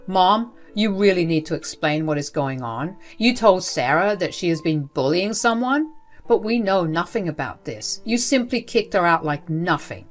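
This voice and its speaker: A woman voicing a middle-aged father who confronts his mother, reading his lines with indignant, raised emphasis over soft music. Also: lowish voice, expressive, moderate pace, close to an everyday voice. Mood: outraged.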